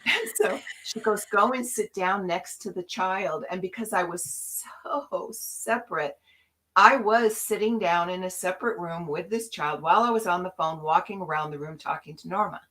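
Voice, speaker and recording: Woman, spiritual talk co-host, slow unhurried delivery, animated storytelling. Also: fairly low pitch, rough recording. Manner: animated storyteller acting out her own past voices.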